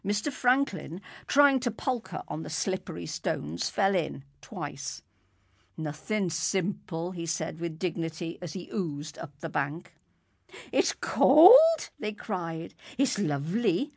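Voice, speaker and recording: A woman narrating a story in a lyrical, expressive reading. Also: fairly low pitch, unhurried, vocal fry, hardly any pauses, husky, dry recording, studio quality.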